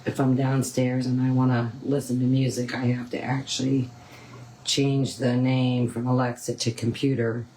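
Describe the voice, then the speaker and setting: A woman's voice: a bass voice, little pitch movement, normal speed, mellow, slight background noise, low-quality recording. A woman hosting a painting tutorial, chatting casually and rambling with frequent ums. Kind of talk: casual chat while painting.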